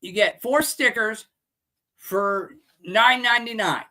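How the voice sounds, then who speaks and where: A male host delivers a profane, loud rant that turns into a blunt sales pitch. He talks slowly and leans on each point, and his voice is bright and forceful. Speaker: show host.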